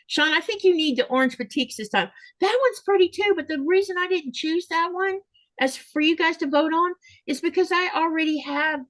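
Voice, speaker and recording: A woman's voice: sits high, no echo. An older woman hosting a casual livestream chat, greeting viewers by name. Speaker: host.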